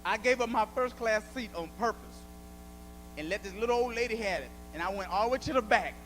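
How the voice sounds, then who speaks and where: A man performing a stand-up comedy routine on a club stage, an animated storyteller who often shouts. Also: sits high, a little fast, soft background music.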